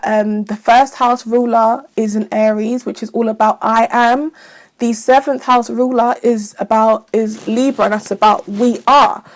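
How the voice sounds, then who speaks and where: A woman giving casual astrology advice in a frank, profane, chatty way. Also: a little high. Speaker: astrology vlogger.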